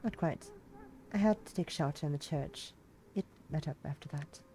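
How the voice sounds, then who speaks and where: A streamer voicing a quiet, reserved young woman in a visual novel read-aloud. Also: mid-range voice, moderate pace, breathy edge. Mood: guarded.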